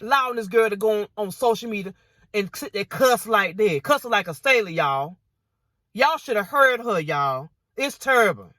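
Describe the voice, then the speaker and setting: A woman's voice: medium pitch, expressive, moderate pace, a bit bright, no room sound, clean studio sound. A woman vlogger giving indignant reaction commentary on viewer comments, repeating herself and saying y'all often.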